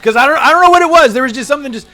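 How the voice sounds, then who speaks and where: Male streamer, casual and rowdy; bright, lively, high voice. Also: rapid-fire, soft background music. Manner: animated, swears, laughs often, breaks into loud outbursts. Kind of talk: casual gaming stream chat.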